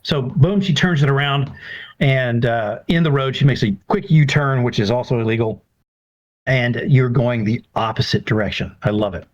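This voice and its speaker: A man running a tabletop game as game master, relaxed and encouraging with his players. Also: mid-range voice, normal speed. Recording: dull lo-fi recording.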